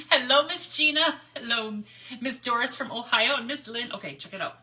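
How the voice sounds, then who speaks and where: A woman's voice: on the high side, expressive, normal speed, pushed and bright, slight background noise. A middle-aged woman hosting a live crafting stream, chatting and telling stories in a rambling, giggly way while she works at her craft table. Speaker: crafting livestream host. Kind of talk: casual live crafting chat.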